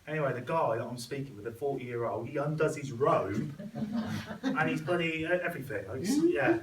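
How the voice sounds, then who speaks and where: In a school hall, a young guest speaker with a medium-pitched voice talks a little fast, mocking himself and acting out others' remarks in a chatty speech. A crowd can be heard in the background, and the recording is echoey and distant.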